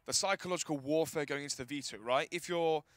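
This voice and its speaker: A man casting an esports match at the analyst desk, chatty and quick, often talking over his co-caster. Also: a little high, a bit bright, no echo, soft background music. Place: studio desk at a live event.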